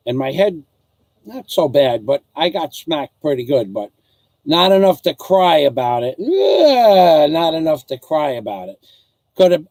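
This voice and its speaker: A man's voice: a little high, vocal fry, a little mellow, dry recording, low-quality recording. Rambling older man telling stories. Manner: rambling, digressive, full of restarts. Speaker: father recounting his life. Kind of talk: casual storytelling.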